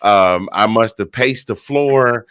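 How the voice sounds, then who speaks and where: Podcast guest: man, 50s, lively tired storyteller, dry close mic. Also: fairly low pitch, takes it slowly, smooth, no echo. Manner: animated storyteller who acts out quotes. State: short on sleep. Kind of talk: excited casual chat.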